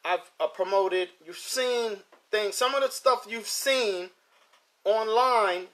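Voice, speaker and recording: A middle-aged man with a high voice chats loosely on a live stream. He rambles, repeats his words and talks straight to his viewers. The sound comes off a phone or computer mic. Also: takes it slowly, a bit bright. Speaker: host of a pigeon racing show. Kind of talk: casual live-stream chat.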